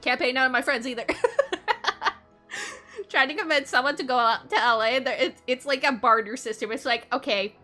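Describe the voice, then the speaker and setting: A woman's voice: high voice, fairly even intonation, fairly quick, sharp tone, soft background music. A young woman streaming live, chatting casually with her chat and giggling often between sentences.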